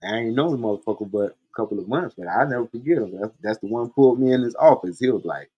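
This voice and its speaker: A man's voice: medium pitch, animated, fast, few pauses, mellow, breathy edge. A man hosting a podcast, telling stories in a blunt, profane, laid-back way. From Columbia, South Carolina. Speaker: podcast host. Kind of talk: casual storytelling monologue.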